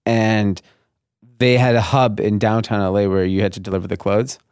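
Speaking at a moderate pace in a low, clean voice, the guest, a thirtysomething clothing brand founder from Granada Hills, LA, recounts how his business began and voices the people he quotes. The studio sound is clean, with no room tone.

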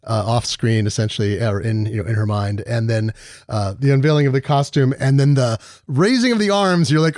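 A man's voice: mid-range voice, fast talker, dry recording, clean studio sound. A man on a podcast panel in casual chat, rambling through his picks with frequent laughs. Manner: rambling, laughing, animated asides.

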